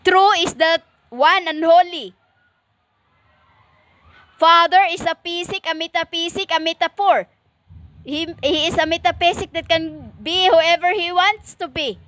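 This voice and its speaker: Woman, stern lecturing preacher; very slow, halting delivery, bright tone. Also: extremely high pitch, slight background noise. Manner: stern and lecturing, slow with many pauses and fillers. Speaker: self-styled preacher. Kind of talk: impassioned spiritual monologue.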